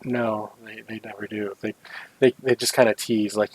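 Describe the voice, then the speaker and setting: A man's voice: fairly low pitch, flat delivery, normal speed, slightly rough, low-quality recording. Casual rambling male podcast host. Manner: rambling, self-correcting, jokey asides. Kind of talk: casual gaming podcast chat.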